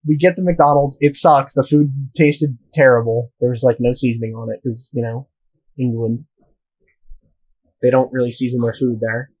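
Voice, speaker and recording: A man's voice: mid-range voice, fairly even intonation, normal speed, a little mellow, husky, rough recording. A young man from the United States telling a rambling, profane story in casual podcast chat. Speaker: podcast host.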